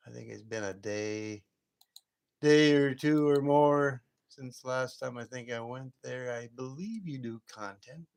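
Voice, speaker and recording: Guy rambling to his chat on a late night live stream from home, chuckles a lot, mid-pitched voice. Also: vocal fry, darkish tone. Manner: rambling and chatty, often chuckling.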